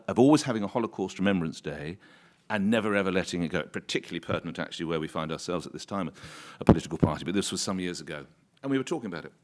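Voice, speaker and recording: A man with a low voice that swings widely in pitch, spinning anecdotes at a conference. He is a talk radio presenter who acts out the voices he quotes. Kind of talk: conference panel speech with anecdotes. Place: conference hall.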